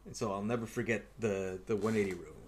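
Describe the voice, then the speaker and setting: A man co-hosting a casual movie podcast, explaining things in a steady, clear way with a few fillers. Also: on the low side, fast. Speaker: podcast co-host.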